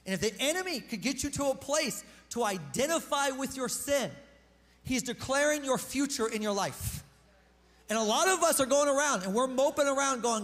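A man's voice: extremely high pitch, a little fast, a bit bright. A man preaching a sermon as pastor to his congregation, talking to them in a casual, emphatic way. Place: church hall. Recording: long reverb of a hall.

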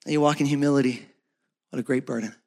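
A man preaching a sermon as pastor in a church, swinging from loud, shouted peaks down to low, soft talk. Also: steady tone, fast, gravelly. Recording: long reverb of a church hall.

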